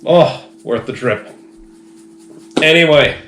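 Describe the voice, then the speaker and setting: A man's voice: fairly high pitch, slow, a bit bright, faint music behind. Chatty man reviewing beer, echoey room. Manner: joking, chatty, describes beer with relish. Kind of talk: casual beer review chat. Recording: echoey room with faint noise.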